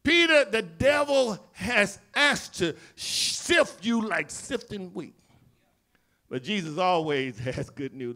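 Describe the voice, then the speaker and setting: A male pastor with a Southern accent, preaching a sermon and acting out the dialogue of biblical scenes, swinging between loud cries and low murmurs. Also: animated, slow pace. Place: church sanctuary.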